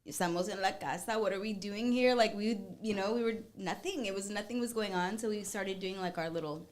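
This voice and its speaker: A woman's voice: medium pitch, fairly quick. A woman guest chatting casually in an interview, giggly and talkative as she tells stories. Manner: giggly, chatty, warm storytelling. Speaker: musician and guest.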